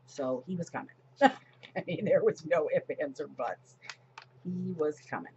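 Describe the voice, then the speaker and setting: A woman's voice: low-pitched, expressive, unhurried, mellow, muffled recording, a little hiss or hum. A woman in her forties chatting casually as she decorates her planner, retelling a story with lots of fillers and restarts. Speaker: planner vlogger.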